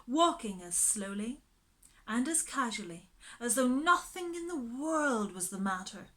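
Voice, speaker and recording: Slow, bright woman reading a storybook. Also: mid-range voice. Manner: slow and expressive.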